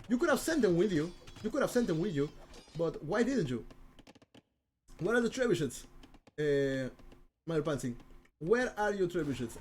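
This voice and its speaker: A man commentating a live strategy game with a high, lively voice that leaps up and down. He is excitable and rambling, restarting phrases and repeating himself as the action unfolds. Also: slight background noise. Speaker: game caster.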